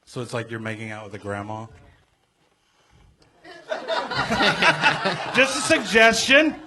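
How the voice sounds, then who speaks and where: A man's voice: a little high, huge pitch swings, slow pace, bright, forceful tone. A man on a panel at a live comedy show, offering rambling joke suggestions to a comic.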